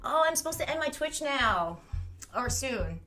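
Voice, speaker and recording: A woman's voice: high voice, sing-song, moderate pace, pushed and bright, faint music behind. A woman in her thirties chatting casually with her livestream viewers, candid and rambling, swearing freely and laughing often.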